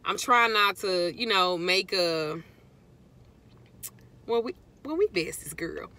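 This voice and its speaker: A woman's voice: on the low side, expressive, takes it slowly, bright, forceful tone. A middle-aged woman, telling a rambling story to her viewers and greeting them between sentences. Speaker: vlogger.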